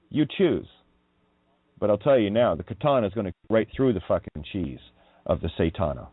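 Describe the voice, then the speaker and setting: Male radio host, low and animated, rambling and emphatic; tinny phone-line sound. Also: fairly quick, husky, no echo. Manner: wandering, emphatic, swears when riled. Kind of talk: rambling monologue on word meanings.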